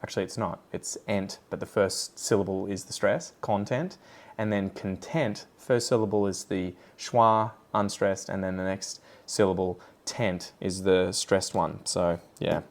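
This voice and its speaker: An Australian man with a fairly low voice talks in a relaxed, chatty way, wandering from one tangent to the next. He sounds like a plant channel host thinking aloud while he pots plants. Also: normal speed, hardly any pauses. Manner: chatty, rambling, goes off on tangents. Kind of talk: casual chat while potting plants.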